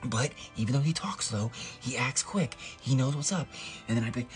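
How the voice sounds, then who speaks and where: A young man talks to a camera on a tripod while alone at home late at night. He rambles fast and playfully, cutting himself off mid-thought. His pitch swings lively up and down. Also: faint music behind. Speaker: comedic vlogger. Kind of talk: rambling comic monologue to camera.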